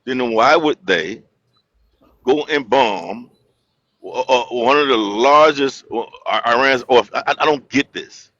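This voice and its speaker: A man's voice: medium pitch, unhurried, a bit bright, highs cut off. A male caller reasoning aloud in a puzzled way and stumbling over his words. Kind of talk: casual live-stream chat.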